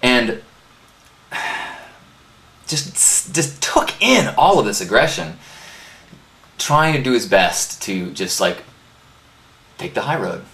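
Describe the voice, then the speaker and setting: A man hosting a live inspirational talk, praying and then telling a story in an earnest, animated way. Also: medium pitch, takes it slowly, long pauses. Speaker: host. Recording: roomy live webcast audio.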